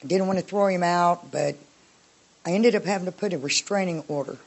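A woman from the congregation sharing a personal testimony in an earnest, soft-spoken, halting way. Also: fairly low pitch.

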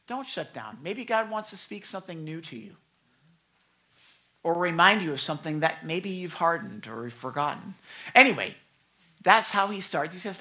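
A pastor preaching a conversational, animated sermon with frequent asides and self-corrections. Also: mid-range voice, normal speed.

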